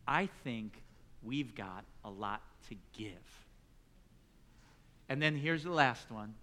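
A middle-aged man preaching a sermon, telling a story and acting out the dialogue, building to loud emphatic peaks. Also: fairly high pitch. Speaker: pastor.

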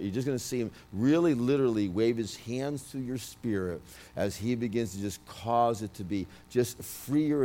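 A man with a New York accent giving a prophetic word, talking loudly and emphatically, with frequent restarts. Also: mid-range voice. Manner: loud, emphatic, with many restarts. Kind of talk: prophetic ministry speech.

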